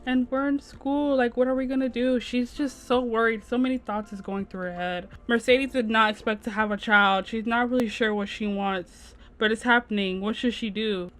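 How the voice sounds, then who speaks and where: A woman's voice: fairly high pitch, fairly even intonation, moderate pace, few pauses, a bit bright. Chatty woman narrating a game. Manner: chatty, slangy, addresses viewers as "y'all". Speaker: gameplay narrator. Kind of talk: let's play commentary. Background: game music.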